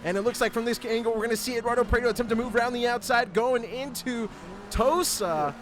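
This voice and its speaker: A man giving live sim racing commentary, excitable and joking, laughing often. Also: very high-pitched, fast talker, slight background noise.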